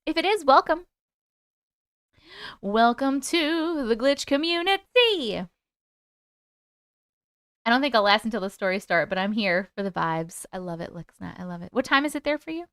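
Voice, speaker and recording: A woman hosting a live stream, reading viewer comments aloud and greeting people in a bubbly, chatty way with a high, squeaky voice. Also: animated, measured pace, pauses often, a bit bright, clean tone, dry recording, clean studio sound. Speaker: host reading live chat. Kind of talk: casual live-stream chat.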